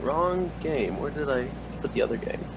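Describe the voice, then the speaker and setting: A man narrating as game master in an online tabletop game, relaxed and hesitant with fillers. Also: mid-range voice, moderate pace, heavy background noise.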